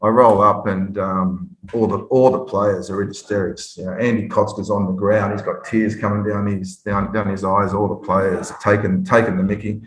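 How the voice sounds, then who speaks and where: A man, a former footballer, telling stories in an interview with lively restarts and repeats. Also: fairly low pitch, normal speed, few pauses. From Australia. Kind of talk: storytelling interview. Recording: roomy echo.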